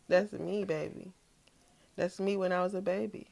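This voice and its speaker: A young woman, talking in a casual, reflective vlog, soft-spoken and relaxed. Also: medium pitch, moderate pace, gravelly. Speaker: vlogger. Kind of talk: personal reflective vlog talk.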